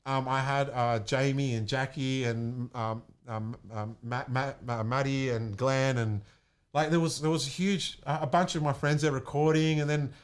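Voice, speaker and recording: A young man from Australia, telling an excited story in a casual chat and acting out what people said. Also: medium pitch, moderate pace, smooth. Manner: excited, animated, acts out quotes. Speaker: guest, music producer.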